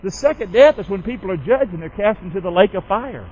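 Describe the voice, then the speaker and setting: Man pastor, high voice, folksy call-and-response sermon, muffled lo-fi recording. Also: expressive, fast, darkish tone, breathy edge.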